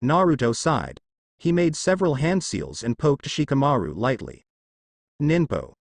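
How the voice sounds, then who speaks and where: A man reading fan fiction aloud as narrator, in a lively, sing-song delivery. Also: mid-range voice, moderate pace, creaky, no room sound.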